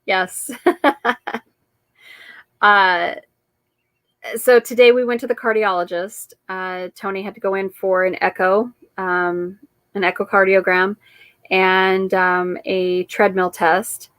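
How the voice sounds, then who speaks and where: A woman's voice: mid-range voice, level tone, takes it slowly, long pauses, a bit bright, no room sound. A woman hosting her weekly live-stream chat, talking in a rambling, chatty way with frequent laughs.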